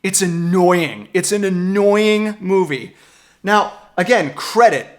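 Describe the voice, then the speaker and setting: A man in a casual, exasperated movie rant, swinging from mumbling asides to near-shouting, with many fillers and restarts. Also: sits high, slow pace. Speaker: video commentator.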